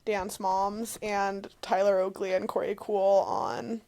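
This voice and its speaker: A woman's voice: medium pitch, level tone, slow pace, crowd noise. A young woman co-hosting a podcast, chatting casually with dry, teasing quips. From Colorado, US. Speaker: podcast co-host. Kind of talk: casual chat.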